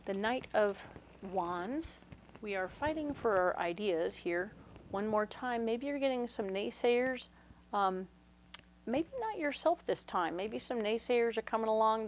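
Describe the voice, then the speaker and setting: A woman's voice: medium pitch, low-quality recording. A woman giving a casual tarot reading, chatty and reassuring, checking in with her listeners as she talks. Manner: storytelling with acted-out voices. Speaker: tarot reader.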